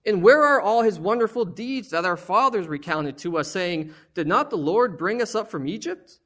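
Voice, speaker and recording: A man's voice: high voice, animated, moderate pace, bright, forceful tone. A man preaching, voicing Gideon as a doubtful young warrior who pleads and questions. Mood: pleading.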